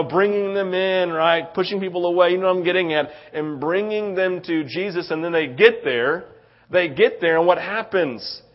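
A male pastor preaching a conversational sermon in a church, telling stories with frequent "right?" asides. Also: high-pitched. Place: church sanctuary. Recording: muffled lo-fi sound.

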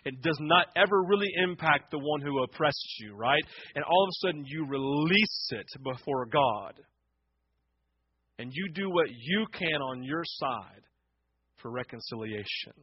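A man preaching a sermon, telling stories that swing from hushed to impassioned, often repeating words and asking "right?". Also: a little high, breathy edge, dry recording, lo-fi sound. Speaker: pastor.

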